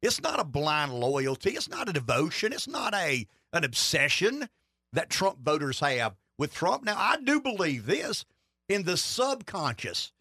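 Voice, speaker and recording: Folksy, lively-voiced man talking politics. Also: on the high side, unhurried, no echo, clean studio sound. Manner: folksy, emphatic, rambling asides. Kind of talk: casual political talk.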